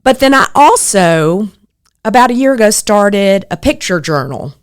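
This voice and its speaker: Slow, earnest woman. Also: mid-range voice, smooth. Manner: earnest, reflective, animated when quoting others. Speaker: podcast host. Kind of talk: personal podcast monologue.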